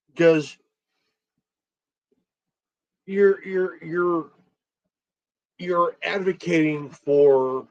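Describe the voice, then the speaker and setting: A man ranting alone on his stream, angry, stumbling and repeating words, swearing and filling pauses with ums. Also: on the high side. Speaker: stream host. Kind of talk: angry solo rant. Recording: dull lo-fi stream audio.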